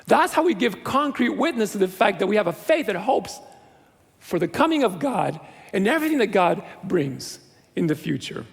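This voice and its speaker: High-voiced, gravelly male pastor preaching. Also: sing-song, normal speed. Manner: earnest, conversational preaching with self-deprecating humor. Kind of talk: sermon. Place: large church sanctuary. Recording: long reverb of a church hall.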